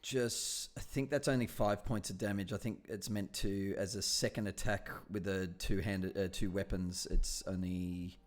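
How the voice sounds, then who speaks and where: A man's voice: low-pitched, steady tone, normal speed, hardly any pauses. A man playing in an online tabletop game, hesitant and full of fillers while he works out his moves. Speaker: player. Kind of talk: casual table talk during a game. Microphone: online call microphone.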